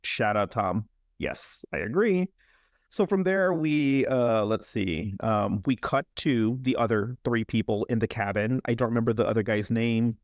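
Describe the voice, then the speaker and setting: A podcast co-host with a medium-pitched voice and a measured pace casually recaps a movie. He's animated, acting out the characters' lines in exaggerated voices. The recording is dry, with clean studio sound.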